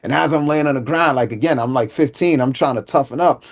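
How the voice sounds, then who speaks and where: Man telling a vivid personal story. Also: fast. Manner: vivid storyteller, acts out quotes with street slang; drops low and quiet at solemn moments. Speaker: inspirational speaker.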